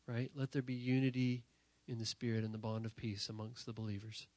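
A man preaching a sermon to young people in a church, talking while sick, emphatic and direct, often repeating phrases and swinging from loud to quiet. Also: mid-range voice, flat delivery, a little fast, no echo. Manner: emphatic, rising to near-shouting then dropping quiet; repetitive, direct address to the audience. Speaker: youth pastor.

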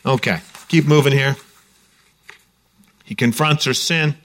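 A man's voice: mid-range voice, a little slow, a bit bright. A man preaching a sermon in a conversational, joking storytelling way. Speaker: pastor.

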